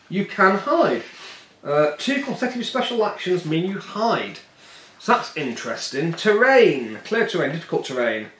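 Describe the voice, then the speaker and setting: A man casually talking through a solo tabletop wargame, rambling and joking, with a fairly high voice. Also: a bit bright. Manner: rambling and jokey, puts on silly voices for the miniatures. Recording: echoey room.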